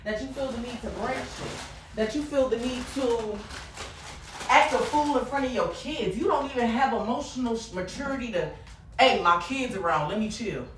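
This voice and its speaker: A woman's voice: sits high, roomy sound, a little hiss or hum. Blunt, heated woman venting on a livestream. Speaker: livestream host.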